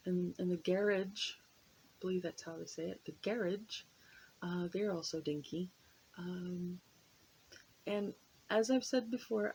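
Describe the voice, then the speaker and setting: A woman's voice: fairly low pitch, darkish tone, a little hiss or hum, rough recording. An American woman talking to her viewers in a rambling, hesitant way, with many fillers and restarts. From United States. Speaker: vlogger. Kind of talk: casual chat to camera.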